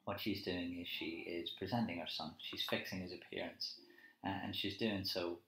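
In a live annotation lesson, a male teacher works through a poem, thinking aloud in a conversational way and using tag questions. His voice sits low and is a bit bright, with fairly even intonation and a moderate pace. The recording has a roomy echo and faint music behind it.

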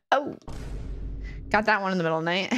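A woman's voice: medium pitch, a bit bright, slight background noise. A young adult woman streamer in casual live chat, laughing often and swearing freely as she reacts to videos.

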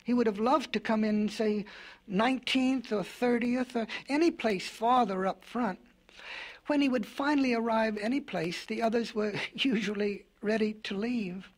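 A man narrating a storybook record in a gentle, whimsical, folksy way. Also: high-pitched, normal speed.

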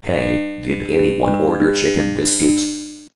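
Gruff, threatening male jail guard, voice sunk extremely low; loud guitar music under the lines. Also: slow pace, poor audio. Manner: blunt, threatening.

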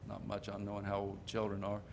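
An older man preaching a sermon in a folksy storytelling manner, slowing down to stress key points. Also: fairly low pitch, completely flat delivery, creaky, noisy background.

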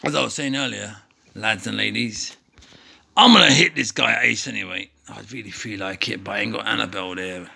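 A man's voice: fairly low pitch, brisk, gravelly, sharp tone, husky, low-quality recording. A man giving playful, rambling commentary while playing a mobile game, often wandering off on tangents.

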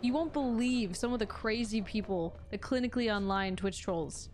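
A woman's voice: a little high, normal speed, darkish tone, slight background noise. Chatty, sarcastic woman streamer. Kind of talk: casual let's-play commentary. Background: game music.

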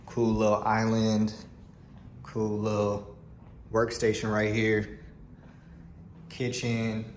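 A man's voice: on the low side, monotone, takes it slowly, pauses often, slight background noise. A man of thirty with a stuffed-up, congested voice, talking casually and upbeat to camera in a slangy vlog. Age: 30s. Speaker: vlogger.

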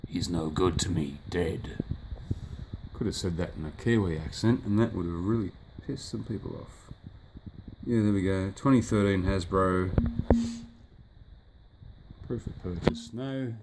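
Low-voiced, rambling man reviewing toys. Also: normal speed, creaky, noisy background. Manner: rambling, offhand, swears at the sunlight. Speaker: toy collector reviewing a figure. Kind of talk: casual unboxing review. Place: indoors by a sunny window.

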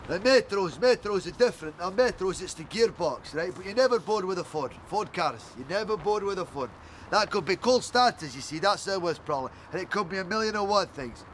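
Rambling car cover salesman, pushy patter, high voice, tv comedy. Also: animated, brisk, a bit bright, slight background noise.

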